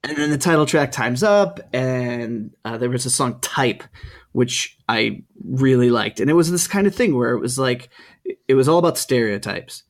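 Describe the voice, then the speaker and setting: A middle-aged man co-hosts a podcast in casual chat, speaking hesitantly with lots of ums and restarts. His medium-pitched voice is expressive and moves at a normal speed.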